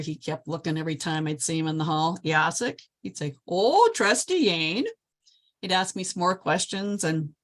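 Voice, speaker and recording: An older woman from Nebraska, a past president of a service club, giving an enthusiastic motivational speech over a video call. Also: low voice. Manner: lively, enthusiastic storyteller.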